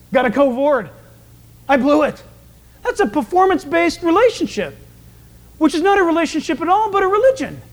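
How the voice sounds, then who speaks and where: A male pastor preaching a Bible-teaching sermon in an animated, emphatic way, acting out the voices of people in his stories. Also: very high voice. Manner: animated, emphatic storytelling that acts out quoted voices. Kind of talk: expository sermon.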